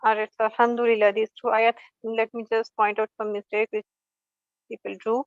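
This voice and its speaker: Woman teacher going slow and steady, kinda high voice, dull lo-fi call audio. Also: dry recording. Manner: patient, slow demonstrating of recitation. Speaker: tajweed teacher. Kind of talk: online class lesson.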